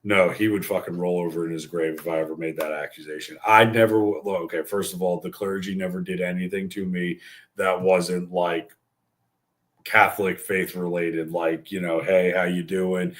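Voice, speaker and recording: This podcast host is a thirtysomething man from the Bronx, New York accent and all, spinning a crude, joking yarn with plenty of swearing. He speaks in a low, slightly bright voice at a moderate pace, his intonation fairly even.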